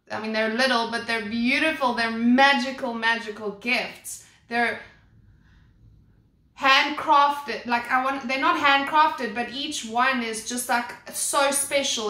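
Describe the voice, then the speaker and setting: A woman's voice: on the high side, pushed and bright. A young woman doing a casual spoken card reading, rambling along with many fillers and restarts. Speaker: tarot and oracle card reader. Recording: echoey room.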